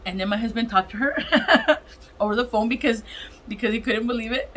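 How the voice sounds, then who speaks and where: A woman casually telling a heartfelt personal testimony, animated and emotional, acting out what others said. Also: a little high, moderate pace, low-quality recording. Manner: animated, emotional, acts out other people's lines. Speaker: vlogger sharing a testimony.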